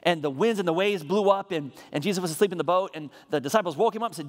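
Pastor guy preaching hard, kinda high voice, repeats his lines, trips over words, big church echo. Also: fast. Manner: energetic preaching with emphatic repeated refrains; frequent stammered restarts. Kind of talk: sermon. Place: church sanctuary. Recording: reverberant church hall.

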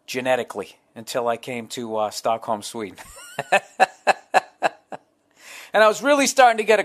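A man's voice: a little high, fairly bright tone. A middle-aged man, hosting a solo podcast, telling profane, rambling comic stories. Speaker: podcast host.

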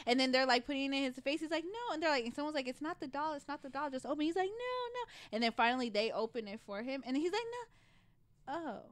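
A woman's voice: high-pitched, racing, hardly any pauses, no echo. A woman co-hosting a casual podcast chat, telling stories with lots of laughter. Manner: animated storyteller, laughs often. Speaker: podcast co-host.

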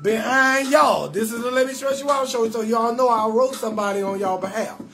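A man riffs loudly and playfully, greeting viewers in a rambling, sing-song patter. He hosts a casual live stream from his bed at home, with faint music playing behind him. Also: very high voice, steady tone, fast talker. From New Orleans. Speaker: comedian hosting a live call-in show.

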